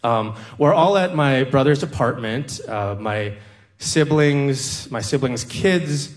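Male storyteller from the Midwest, slow and earnest, with a wry edge and a mid-range voice. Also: mid-range voice, expressive. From American Midwest. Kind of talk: personal storytelling on stage.

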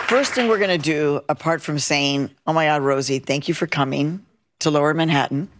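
A woman's voice: low-pitched, fairly quick, some chatter behind, a little hiss or hum. A woman hosting a live interview, chatty and playful, dropping in a few Spanish words. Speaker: host. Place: live event space with an audience. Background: faint audience.

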